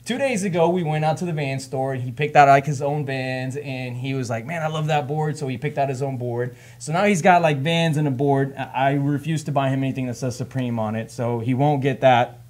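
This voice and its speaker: A man's voice: medium pitch, a little fast, hardly any pauses, a little mellow. A man in his thirties hosting a real estate podcast, rambling through a casual story and laughing often. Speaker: podcast host. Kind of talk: casual chat.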